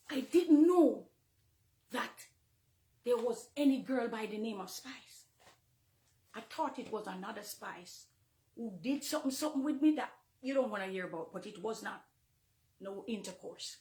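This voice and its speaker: High-voiced Jamaican woman minister testifying. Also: vocal fry, roomy sound. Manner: emotional and confessional, swinging from hushed to fervent. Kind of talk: impassioned testimony from the pulpit. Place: church, near the pulpit.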